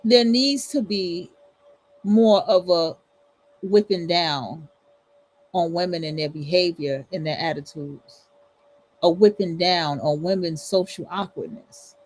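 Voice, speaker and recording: A livestream host speaks in a lowish, darkish voice at a slow pace, ranting bluntly and profanely through casual commentary with emphatic repetition. Soft music plays behind her, and the audio quality is poor.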